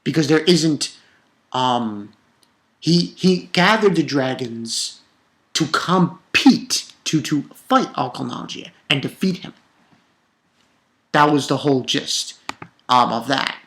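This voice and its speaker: A man rambles through a manga chapter review in a fairly high voice. He stumbles and repeats words, then leaps up in pitch as he rants in exasperation. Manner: animated, exasperated ranting with sudden pitch jumps; halting, with frequent repeated words. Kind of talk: casual spoken chapter review.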